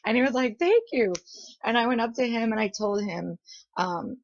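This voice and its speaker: A young woman vlogger with a voice on the high side talks fairly quickly, telling a chatty story in a dry, dull lo-fi home recording. She giggles often, uses plenty of fillers and acts out what people said in quoted voices.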